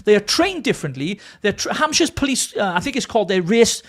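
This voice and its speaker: Male co-host from Britain, high lively voice, furious political rant. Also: fairly quick. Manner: angry ranting, swearing. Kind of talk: heated political talk show.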